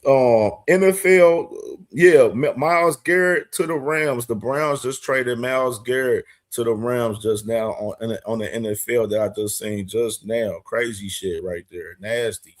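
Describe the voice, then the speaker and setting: A man hosting a casual boxing commentary stream, talking in with profane banter and frequent loud laughing fits. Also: medium pitch, measured pace. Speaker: boxing show host.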